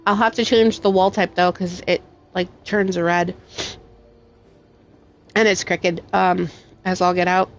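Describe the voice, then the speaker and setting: This young woman streaming a game has a lowish voice with a flat delivery, speaking slowly with long pauses. She rambles in a heartfelt, emotional way full of fillers, and faint music can be heard in the background.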